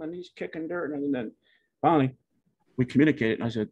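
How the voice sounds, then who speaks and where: A man's voice: medium pitch, quick pace, long pauses, darkish tone, husky. A man, telling a meandering, folksy family story from his life and correcting himself as he goes. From Pawnee, Oklahoma. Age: 70s. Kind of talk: personal storytelling. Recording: dull lo-fi recording.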